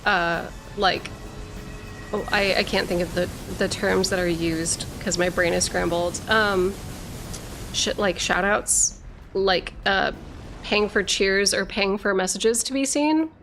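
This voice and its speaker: A woman's voice: mid-range voice, fairly even intonation, takes it slowly, over music. A woman streamer chatting casually with her viewers. She rambles with lots of fillers and restarts, swears freely, and struggles a little to get her words out. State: struggling to articulate, slurring slightly. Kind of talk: casual live-stream chat, reading viewer messages.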